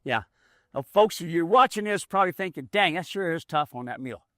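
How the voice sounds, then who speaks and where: A man's voice: fairly high pitch, lively intonation, brisk, fairly bright tone, no echo, studio quality. A man running a hands-on mule training demonstration outdoors, explaining in a folksy, plainspoken way as he works. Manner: folksy, explains as he works, drawling rural grammar.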